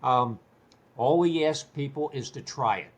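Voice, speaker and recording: An older man, a guest on an interview show, telling stories in a lively, casual way. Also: mid-range voice, measured pace. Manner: animated, repeats words while telling stories.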